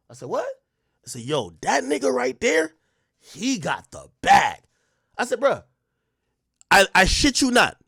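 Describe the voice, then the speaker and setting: A man in his thirties hosts his stream and tells a story in casual, profane street slang. His voice sits high and swings widely in pitch, jumping from loud outbursts to low mutters. The sound is dry and close to the mic. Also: no room sound. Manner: animated, swings between loud bursts and muttered asides. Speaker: streamer host.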